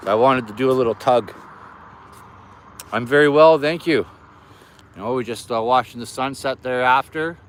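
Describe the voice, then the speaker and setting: A man's voice: medium pitch, normal speed, long pauses. Guy in his middle years doing a live stream outside by an air base, just chatting and saying hi to viewers, bit of faint traffic noise. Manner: chatty, greeting viewers by name. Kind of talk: casual live-stream chat. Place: outdoors near an air base.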